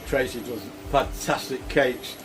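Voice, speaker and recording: An older man, a cooking vlogger, has a medium-pitched, steady, fairly bright voice and talks a little slowly. There's slight background noise as he chats casually at home over his cooking, plain-spoken, rambling, and chuckling.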